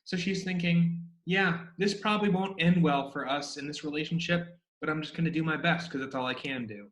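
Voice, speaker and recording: A man's voice: a little high, a little fast, a bit bright. A man giving a casual chapter-by-chapter summary of a classic novel, retelling scenes in everyday slang and reading quotes aloud. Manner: conversational, paraphrases scenes in modern slang. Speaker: literature explainer. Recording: echoey room.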